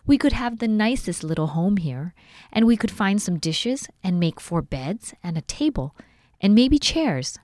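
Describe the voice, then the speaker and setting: A woman's voice: mid-range voice, big pitch swings, unhurried, darkish tone, dry recording, clean studio sound, pitched above the performer's own voice. A woman doing an eager, urging young girl. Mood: pleading. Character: eager resourceful girl, oldest sister.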